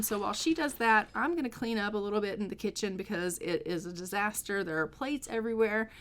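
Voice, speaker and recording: A woman's voice: mid-range voice, fast talker, hardly any pauses, a bit bright, a little hiss or hum. A woman casually narrating a life-sim game, chatty and storytelling, often filling in with "like.". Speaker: gameplay narrator. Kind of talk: casual gameplay commentary.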